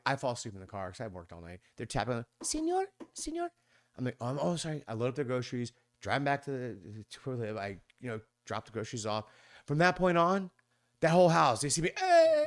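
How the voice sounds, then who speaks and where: A man in his fifties, a podcast guest, telling a long story in a rambling way and mimicking other people's voices with sudden high squeaks. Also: a bit bright, no room sound, studio quality. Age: 50s. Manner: rambling with many restarts and fillers. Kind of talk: conversational storytelling.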